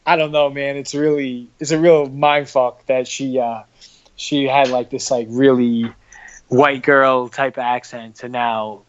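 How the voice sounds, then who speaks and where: A man chatting casually on a podcast, halting and repeating his words as he talks. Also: mid-range voice, flat delivery, muffled recording.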